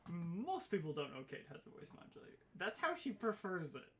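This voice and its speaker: A woman's voice: fairly low pitch, very animated, fairly quick, fairly bright tone. A woman narrating as game master of a tabletop role-playing game, often laughing as she describes events.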